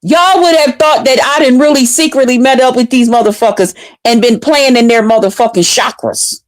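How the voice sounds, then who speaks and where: Woman, higher voice, animated, profane, casual storytelling, dry close sound. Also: normal speed, dry recording. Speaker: vlogger.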